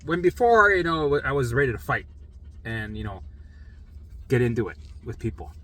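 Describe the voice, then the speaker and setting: Blunt, profane man, bright voice. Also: medium pitch, very animated, normal speed, slight background noise. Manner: blunt and profane, acts out past arguments. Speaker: vlogger. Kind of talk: casual monologue to camera.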